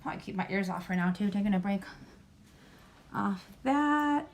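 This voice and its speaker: A woman's voice: medium pitch, lively intonation, moderate pace, a little hiss or hum. A woman hosting a casual livestream at home. She reads names aloud and keeps apologizing for mispronouncing them. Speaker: YouTube livestream host. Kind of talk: casual livestream chat, reading a list aloud.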